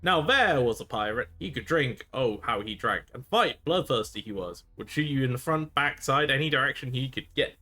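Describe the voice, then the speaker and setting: A man reading game dialogue aloud in character, voicing a shifty, boastful male space pirate marooned on a planet, with a gruff, wheedling, folksy way of talking. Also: medium pitch, expressive, moderate pace, hardly any pauses, pushed and bright, voice pushed up. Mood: nostalgic.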